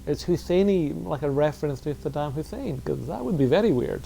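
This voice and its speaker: A man's voice: a little high, animated, fairly quick, gravelly, mellow, slight background noise. A man casually commenting on a game he plays, joking and chatting with his viewers. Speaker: gaming streamer. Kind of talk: casual let's play commentary.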